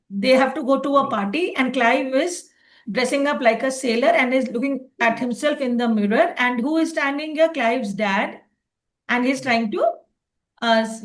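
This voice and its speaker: Woman, phonics tutor, high voice, patient explaining, online lesson. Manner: explains patiently, often checking with "okay". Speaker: phonics teacher trainer.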